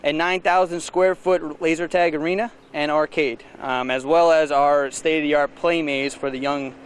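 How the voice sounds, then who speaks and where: A man's voice: a little high, steady tone, moderate pace, smooth. A man representing a sports complex, giving brief, businesslike answers in an outdoor interview. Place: outdoors in a town street.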